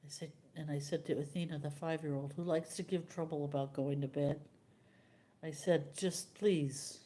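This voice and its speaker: An older woman hosting a live stream, chatting casually with viewers and telling a rambling, halting story. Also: low-pitched, steady tone, warm tone.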